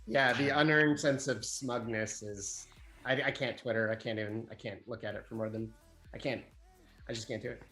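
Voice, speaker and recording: A man's voice: mid-range voice, fairly even intonation, normal speed, a bit bright, faint music behind. A man on a tech chat show, talking in a wry, self-deprecating way. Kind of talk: casual chat.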